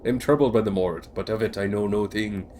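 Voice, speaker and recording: A man's voice: fairly low pitch, fast, dark tone, a little hiss or hum, pitched below the performer's own voice, lightly acted. Talking tree in a game, evasive and archaic-spoken, read by a man. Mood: defensive. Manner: mock-archaic old English diction.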